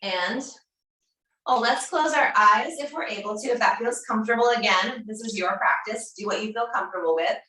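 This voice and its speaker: A woman guides a yoga class in a calm, encouraging way. Her voice is bright and clear in tone. She stands some way from the mic, and the room adds a strong, roomy echo. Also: a little high, moderate pace, distant mic. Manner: calm, encouraging, gently chanting mantra syllables. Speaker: yoga teacher.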